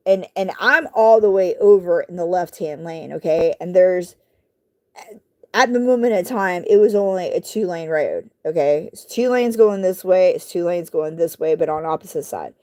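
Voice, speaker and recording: Rambling, throat-clearing woman telling a story. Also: lowish voice, a little slow. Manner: rambling, animated retelling with many fillers and asides. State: frequently clearing her throat. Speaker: vlogger. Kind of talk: casual storytelling.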